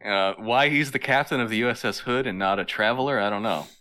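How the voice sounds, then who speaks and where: A man's voice: on the low side, quick pace, bright, forceful tone. A man co-hosting a casual comedy podcast, quizzing his partner and laughing easily. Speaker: podcast co-host.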